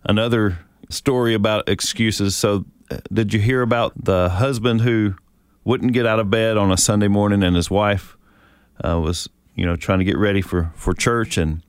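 A man co-hosts a faith talk show in an affable way, telling stories with plenty of "uh" and restarts. His voice sits a little low and is recorded dry and close, with no room sound. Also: fairly even intonation, normal speed, clear, resonant tone, dry recording. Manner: affable, tells jokes, hesitant fillers. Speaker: co-host. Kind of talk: casual chat.

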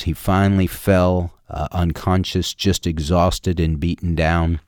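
A man hosting a Christian call-in radio show, telling a story earnestly with emphatic pauses and preaching. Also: sits low, level tone, darkish tone, dry recording, clean studio sound. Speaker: radio host.

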